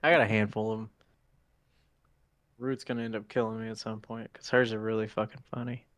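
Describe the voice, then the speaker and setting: A young man with a lowish voice co-hosts a podcast, talking a little fast in a casual storytelling chat. He tells funny stories with animation, acts out quotes, and swears freely, with no room sound in the recording.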